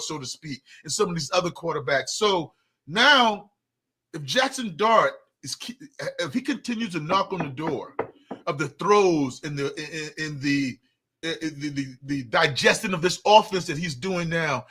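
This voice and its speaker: A man with a high, bright, forceful voice co-hosts a sports talk podcast. He argues emphatically in casual debate, often doubling up words when he gets fired up. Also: expressive, unhurried, breathy edge.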